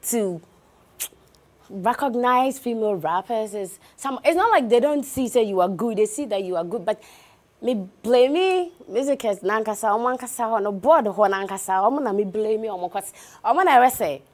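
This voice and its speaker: A young woman rapper from Ghana with a Ghanaian English accent, answering interview questions softly and briefly, slipping into pidgin. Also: fairly high pitch, expressive, brisk. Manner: soft-spoken, brief answers mixed with pidgin. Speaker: rapper and guest.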